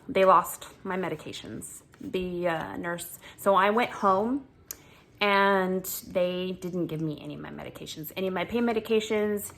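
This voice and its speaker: A woman vlogging casually about her own recent ordeal, animated and exasperated, breaking into laughter often. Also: on the low side. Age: adult with children. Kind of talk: casual storytelling vlog.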